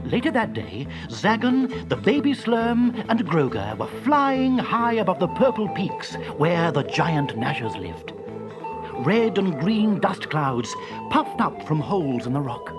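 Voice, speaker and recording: Children's story reader, unhurried, very lively pitch, music bed underneath. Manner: slow, expressive, animated. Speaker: narrator.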